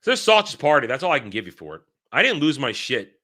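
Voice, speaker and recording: A man's voice: medium pitch, big pitch swings, fast talker, pushed and bright. A man giving a blunt, exasperated film review, swearing freely and repeating himself for emphasis.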